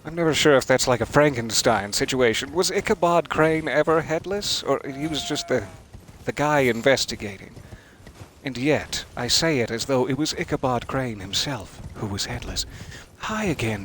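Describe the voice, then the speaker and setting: A man's voice: mid-range voice, lively intonation, moderate pace, a bit bright, slight background noise. A man giving live gameplay commentary, wry and musing, chatting to the enemies he fights. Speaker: streamer playing a video game.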